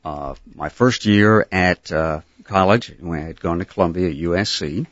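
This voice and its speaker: An older man with a very deep voice recalls his early radio days, pausing often. The studio sound is dry and dull. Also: no echo. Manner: hesitant, with many pauses and fillers. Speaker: former radio disc jockey, guest. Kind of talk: casual interview.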